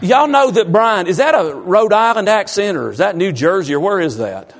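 Preacher man, high-pitched, folksy and teasing with the congregation. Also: animated, moderate pace, a little hiss or hum. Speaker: pastor. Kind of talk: informal sermon to a congregation.

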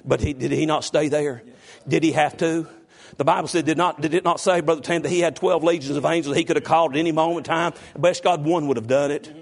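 A middle-aged man preaching a sermon, calling on his congregation by name and rising to loud exhortation. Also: on the high side, fairly even intonation, fast talker, vocal fry. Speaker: pastor.

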